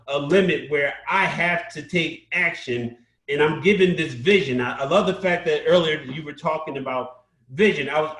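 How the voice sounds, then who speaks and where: A man's voice: on the high side, fairly bright tone. A middle-aged man giving an impassioned, sermon-like motivational speech on a community stage, repeating phrases for emphasis. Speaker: storyteller speaking on a community stage. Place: live event stage. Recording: echoey stage sound.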